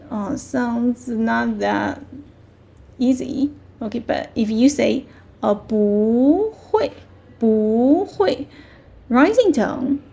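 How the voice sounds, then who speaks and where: A woman with a Mandarin Chinese accent teaching a language lesson, patiently repeating words slowly with clear tones. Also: on the high side, dark tone.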